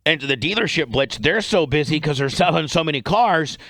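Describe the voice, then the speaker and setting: A man hosting a talk radio show, loud and joking, with crude asides and a lot of restarts. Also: a little high, animated, fairly quick, no room sound. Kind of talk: casual talk radio banter.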